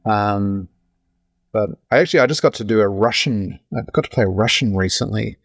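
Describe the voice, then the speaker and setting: Man, Australian accent, 30s, gravelly, fairly low, chatty, rambling, dry close mic. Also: moderate pace, dry recording. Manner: chatty, rambling with many restarts. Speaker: actor guest. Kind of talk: casual interview chat.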